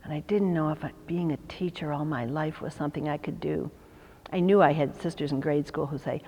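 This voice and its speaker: A woman's voice: low-pitched, fairly even intonation, brisk, mellow, slightly rough, in a large hall. A woman in her sixties from Chicago, a religious sister telling stories in an interview, acting out the voices she quotes and laughing often. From Chicago, USA. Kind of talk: storytelling in an interview.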